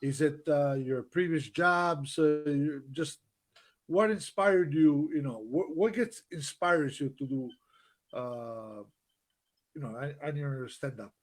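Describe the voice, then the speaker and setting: A male host asking his guest questions in a halting way, with many fillers. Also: fairly high pitch. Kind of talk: casual interview questions.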